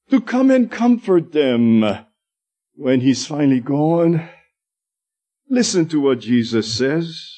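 Slow, high-voiced male preacher. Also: a little mellow. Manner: slow, emphatic preaching with drawn-out stresses. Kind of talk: sermon.

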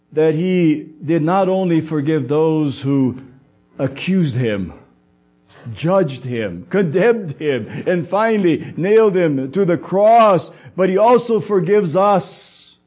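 Slow, high-voiced man preaching a sermon. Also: warm tone. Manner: slow, deliberate preaching with dramatic pauses and quoted voices.

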